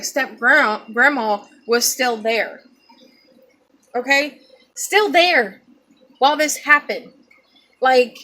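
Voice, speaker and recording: A young woman talks straight to her viewers, tearful and halting, circling back over her words. Her voice is bright and a little high, and she speaks slowly. A faint room hum sits behind her. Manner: halting, repeats herself, addresses viewers as people. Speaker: vlogger. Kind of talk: emotional personal storytelling.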